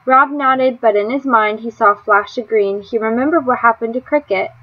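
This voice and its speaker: A woman reads a storybook aloud in a measured, expressive voice. Her pitch sits high. The recording sounds a bit dull and muffled. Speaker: audiobook reader. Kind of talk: storybook narration.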